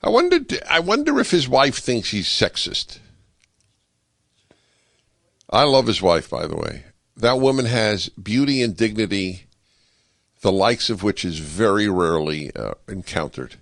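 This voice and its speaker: A man hosting a talk radio show, giving a political commentary monologue in an animated, sarcastic way with wry asides, speaking into a studio microphone. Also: on the low side, normal speed, vocal fry, no echo.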